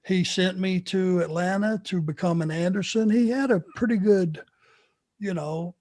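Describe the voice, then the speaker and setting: A man's voice: high-pitched, normal speed, darkish tone. An older man telling wrestling stories in a casual chat, laughing as he goes. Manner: laughs through his stories. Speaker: former wrestler answering fan questions. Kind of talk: casual storytelling.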